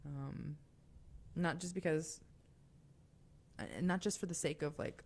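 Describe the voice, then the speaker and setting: A woman's voice: deep voice, fairly even intonation, takes it slowly, long pauses, a little mellow, a little hiss or hum. A young woman hosting a call-in radio show, talking in a chatty, confiding way with fillers and asides. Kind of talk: casual call-in radio talk.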